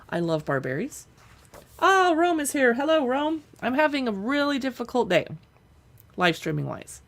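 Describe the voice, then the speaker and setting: Chatty woman streamer with gravelly voice. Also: on the low side. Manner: chatty, reads recipe lists aloud, thinks out loud. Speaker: live-streaming cookbook reviewer. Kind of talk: casual live-stream chat. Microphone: streaming setup.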